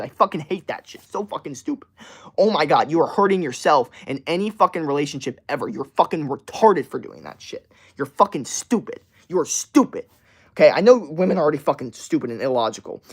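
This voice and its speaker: A man hosting a livestream who rants bluntly and swears constantly. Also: on the high side. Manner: profane, blunt and ranting. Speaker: livestream host. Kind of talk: livestream rant.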